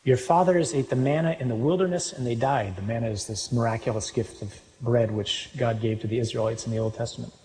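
A man preaching a sermon, reading scripture aloud and explaining it, moving between quiet reading and loud emphasis. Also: mid-range voice, a little fast, hardly any pauses. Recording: long reverb from a large hall.

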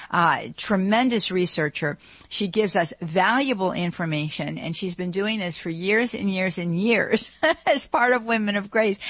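A woman's voice: fairly low pitch, a bit bright, no echo. A woman hosting a radio talk show, chatty and enthusiastic, with plenty of fillers, speaking from a studio.

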